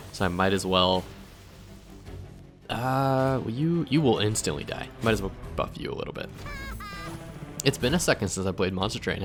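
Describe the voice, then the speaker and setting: A young man talks through his game in a relaxed, rambling way, pausing to work things out and restarting his thoughts. His voice sits on the low side. Faint game music plays behind him. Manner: thinking aloud, relaxed, trailing off and restarting. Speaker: gaming channel host. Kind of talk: casual let's play commentary.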